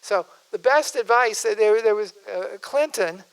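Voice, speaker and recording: Older male doctor at a lectern, folksy and digressive, with a smooth, resonant voice. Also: high voice, measured pace, a bit bright, rough recording. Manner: folksy, digressive, self-interrupting. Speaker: physician giving a speech. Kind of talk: conversational public speech.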